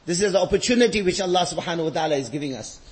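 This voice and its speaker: A man's voice: high-pitched, animated, very fast. A man giving an impassioned sermon, repeating phrases and rising to emotional peaks, with Arabic phrases woven into his English. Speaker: preacher.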